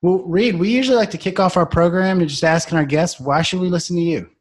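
Upbeat male podcast host, slightly husky. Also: high voice, quick pace. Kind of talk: upbeat interview hosting.

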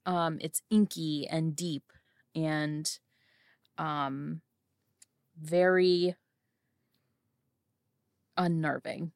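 Woman player, tabletop game, halting phrasing, many fillers, lowish voice, dry sound. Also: fairly even intonation, darkish tone, no room sound. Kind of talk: casual in-character play.

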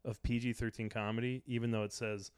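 A male comedian and podcast host telling a profane, animated story in casual chat. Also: medium pitch, brisk, clear, resonant tone, no echo, clean studio sound. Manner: animated, profane, acts out other people's voices.

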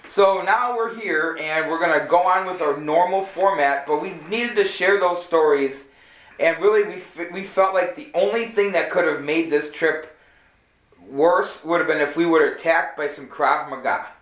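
A man co-hosting a comedy podcast in a slightly raised voice, talking loosely and rambling. The room gives his voice a clear echo. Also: a little high, moderate pace, a bit bright. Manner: loose, rambling, with repeated words. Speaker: podcast co-host. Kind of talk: casual comedic podcast chat. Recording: echoey room.

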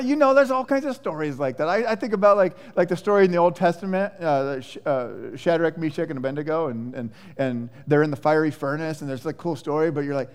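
A male pastor preaching a sermon in a conversational, animated way, with many restarts and fillers. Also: on the high side, a little fast, few pauses, clean tone. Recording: echoey church hall.

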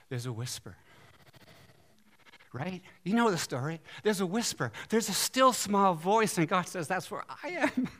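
Male preacher, fairly high, bright tense tone, animated delivery with rhetorical questions. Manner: animated, asks the audience questions. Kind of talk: sermon.

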